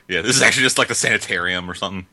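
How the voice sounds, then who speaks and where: A man's voice: deep voice, rapid-fire, pushed and bright, dry recording. A man making jokes while watching a film with friends, full of wisecracks and mock-dramatic asides. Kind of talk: joking commentary over a film.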